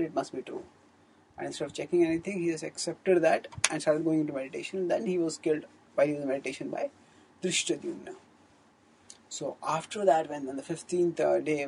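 Husky, gravelly man telling scripture. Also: on the high side, dark tone, rough recording. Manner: earnest, fluent retelling with frequent self-corrections. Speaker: spiritual teacher. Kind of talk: scriptural storytelling discourse.

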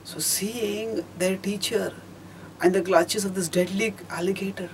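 A man giving a storytelling lecture on scripture, measured and explanatory, pausing often and rephrasing as he goes. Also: sits high, fairly even intonation, a little hiss or hum, rough recording. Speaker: teacher of scripture.

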